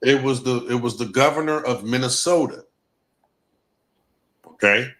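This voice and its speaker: A man's voice: medium pitch, measured pace, fairly bright tone. A man hosting a casual live stream, talking to viewers and repeating his main points for emphasis.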